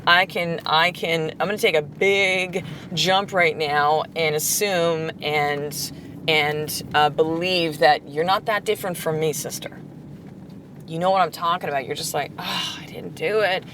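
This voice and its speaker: A woman's voice: low voice, steady tone, unhurried, noisy background. A woman hosting a solo motivational podcast as a life coach, talking bluntly with swearing and repeated rhetorical questions.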